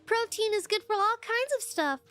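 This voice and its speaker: Bubbly teen girl voice, high and bright, woman reading it, faint music. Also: expressive, normal speed. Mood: concerned.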